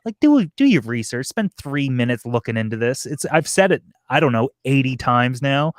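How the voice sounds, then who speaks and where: A man's voice: mid-range voice, normal speed. A man talks casually about his hobby channel, often circling back and restarting his sentences. His voice sits in an ordinary middle range. The sound is dry and close, with no room echo. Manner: rambling, restarts sentences, animated. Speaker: aquarium YouTuber. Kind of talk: casual chat on a live stream.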